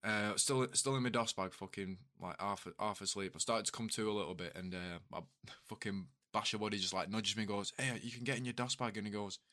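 A man's voice: on the low side, a bit bright. Laid-back young man cracking crude jokes. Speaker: podcast co-host. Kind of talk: casual army stories chat.

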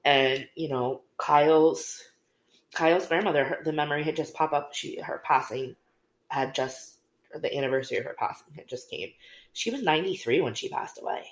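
A woman's voice: low voice, moderate pace. A young woman casually telling a candid story on a podcast, with many fillers. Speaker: podcast co-host. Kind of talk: casual conversation. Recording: roomy echo.

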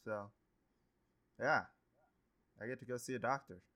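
A young man co-hosting a podcast in casual chat, easygoing and quick to laugh. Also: mid-range voice, pushed and bright. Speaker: podcast co-host.

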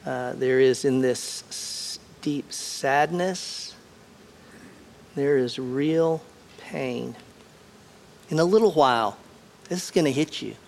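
A man giving a sermon in a chatty, conversational style, circling back on words for emphasis. His voice sits a little higher than most men's, and he keeps checking in with the congregation. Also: a little mellow. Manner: conversational, repetitive, questions the congregation. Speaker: pastor.

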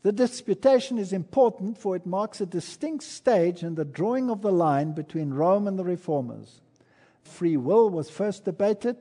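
Man, preacher, sermon-style history lecture, emphatic, mellow tone, long hall reverb. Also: high-pitched, expressive, moderate pace. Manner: earnest, emphatic storytelling with personal asides.

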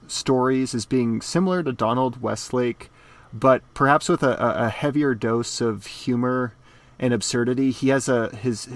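A man co-hosting a podcast, talking in an easygoing, measured way in casual chat. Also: medium pitch. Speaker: podcast co-host.

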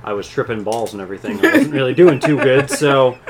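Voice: medium pitch, animated, brisk, crowd noise. A player in a casual tabletop game, talking hesitantly with many fillers, joking and swearing.

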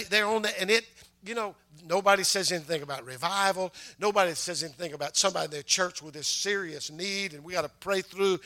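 With a voice that sits high, an older pastor delivers a conversational sermon punctuated by amens. It rises to loud, emphatic passages.

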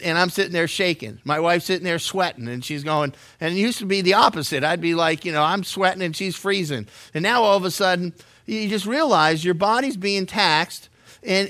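A middle-aged pastor teaching scripture, his voice pitched high for a man and bright, almost sharp. He talks casually and cracks jokes, often tripping over his words and restarting as he goes. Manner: conversational and joking, with frequent stammered restarts. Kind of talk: verse-by-verse Bible teaching.

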